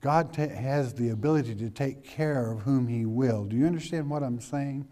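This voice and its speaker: A man's voice: mid-range voice, moderate pace, mellow. A middle-aged man preaching an expository sermon verse by verse in a folksy, emphatic way, often checking in with his listeners.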